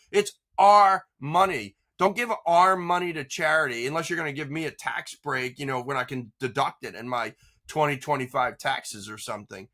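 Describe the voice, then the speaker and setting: A man giving animated political commentary as a guest, emphatic and exasperated, often restarting his sentences. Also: on the high side.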